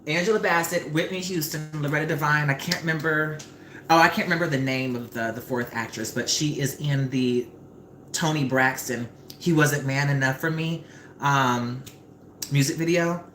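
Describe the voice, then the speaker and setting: Chatty young woman, live-stream host, cooking at home; low-pitched voice, lively and profane, echoey room. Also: normal speed. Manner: animated, chatty storyteller, swears freely. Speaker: livestream host. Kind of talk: casual live-stream chat while cooking. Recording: roomy with faint background noise.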